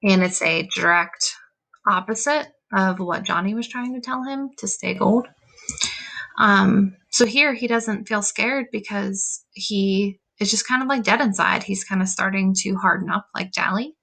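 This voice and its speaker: A woman teacher explains a novel in an easygoing, chatty way, reading passages out loud and leaning on fillers. Her voice sits at a middling pitch but sounds bright and forward, with a gravelly fry at the ends of phrases. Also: a little slow. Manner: reads quotes from a novel aloud. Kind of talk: casual lesson walkthrough.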